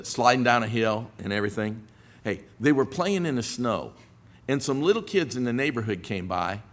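An older man preaching a sermon, telling folksy stories with humor and rising to forceful emphasis on scripture. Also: medium pitch. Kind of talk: sermon with storytelling.

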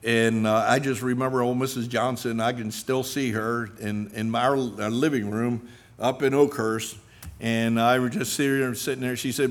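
A man's voice: fairly even intonation, normal speed. A middle-aged male pastor preaching a sermon with earnest emphasis, telling personal stories and reading scripture. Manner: earnest preaching, with rises in pitch and loudness for emphasis; acts out quoted speakers while telling stories.

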